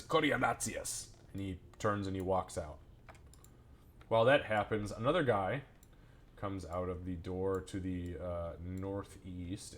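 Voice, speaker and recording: A man's voice: low voice, a little hiss or hum. A man running a tabletop game as game master, narrating casually with hesitations.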